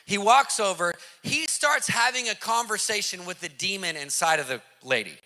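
A man telling a dramatic testimony in an animated, emphatic way, repeating lines for effect and using casual slang. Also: high-pitched, moderate pace. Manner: emphatic, vivid storyteller who repeats for effect. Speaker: Christian activist telling a testimony.

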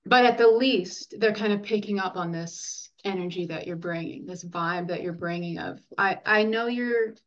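A woman speaking as a nurse and lactation consultant in an interview, earnest and animated, acting out what parents say. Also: on the low side, normal speed, hardly any pauses, highs cut off. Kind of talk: conversational interview.

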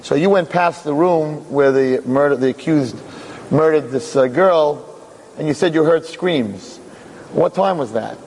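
A man's voice: fairly high pitch, unhurried, darkish tone, slightly rough, in a large hall, rough recording. A man voicing an earnest young assistant prosecutor who pleads with rising passion. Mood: questioning. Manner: impassioned, rising pleas.

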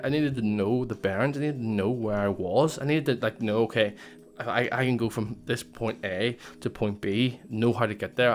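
A young man casually telling a personal story, rambling with lots of fillers and restarts. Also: medium pitch. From Northern Ireland.

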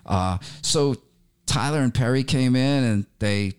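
A man, a musician, telling animated stories about his career in a relaxed interview, with many fillers and restarts. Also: mid-range voice, unhurried, clean tone. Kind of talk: storytelling interview talk.

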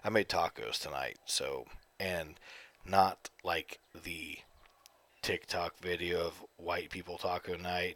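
Speaking close to a desk mic at home in the evenings, a man hosts his own casual solo podcast full of profane, rambling rants. His voice is low, unhurried, and fairly bright.

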